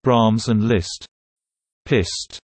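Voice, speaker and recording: A man reading slang terms and their meanings in a measured, deliberate teaching delivery. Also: lowish voice, no room sound. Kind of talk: slow explanatory reading of word pairs.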